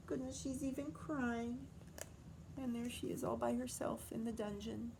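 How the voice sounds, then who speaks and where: A woman's voice: a little high, steady tone, measured pace, creaky, a little mellow, slight background noise. A woman teacher reading a picture book aloud to children, stopping often to comment and ask questions.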